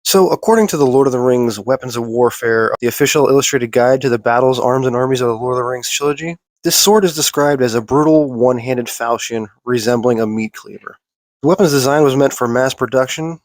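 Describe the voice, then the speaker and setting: A man's voice: medium pitch, a little fast, dry recording. A young man with a stuffy, nasal voice from a cold, explaining how to use a sword in an instructional video with dry joking asides. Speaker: martial arts instructor.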